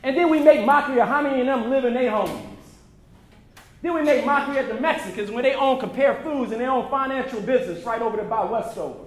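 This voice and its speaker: High-pitched man preaching in an echoey hall. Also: quick pace. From United States. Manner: preacherly, emphatic, building repetition. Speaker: speaker at a documentary screening. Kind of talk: impassioned motivational speech. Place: event venue before an audience.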